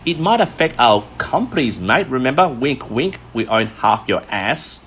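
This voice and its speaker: A man's voice: medium pitch, big pitch swings, moderate pace, fairly bright tone, a little hiss or hum. Man doing a sly drawling Uncle Sam. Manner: sly, wheedling, winking. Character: smug swaggering Uncle Sam, American male.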